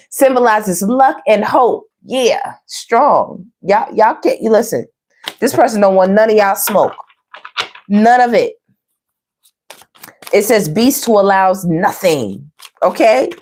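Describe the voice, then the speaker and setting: A woman's voice: medium pitch, a little hiss or hum. A woman doing a casual online tarot reading, chatty and playful, who laughs often and talks straight to her viewers. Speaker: tarot reader.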